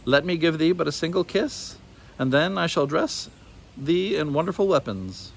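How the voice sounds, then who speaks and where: A bleak, cunning ancient witch woman, put on by a man reading aloud. Her croaking voice runs in an old-fashioned sing-song from a storybook. Faint hum behind. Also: a little high, expressive, normal speed, pitched above the performer's own voice. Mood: sly. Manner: archaic sing-song speech.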